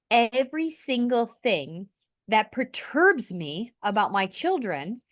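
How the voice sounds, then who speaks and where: Woman, higher-pitched, heartfelt and earnest in conversation, close dry mic. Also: no room sound. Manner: earnest, heartfelt spiritual talk with restarts. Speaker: podcast host. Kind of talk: conversational podcast sharing.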